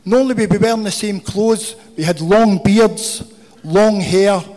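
A man's voice: high voice, measured pace, darkish tone. A man telling a humorous, profane recovery story to a meeting. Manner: swearing, humorous, confessional. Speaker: recovery speaker. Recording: hall with long reverb.

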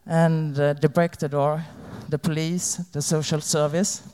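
A woman giving a candid, halting personal testimony about her recovery to an audience. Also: sits low, little pitch movement, dark tone, clean tone. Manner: halting, candid, plain-spoken. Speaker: recovering addict sharing her story. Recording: long hall reverb.

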